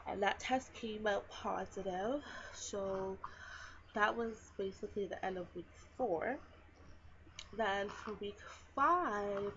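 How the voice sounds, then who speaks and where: A woman's voice: mid-range voice, dull audio, slight background noise. A young woman chatting casually in a home vlog, rambling and full of fillers while nursing her baby. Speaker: vlogger. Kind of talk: casual pregnancy vlog chat.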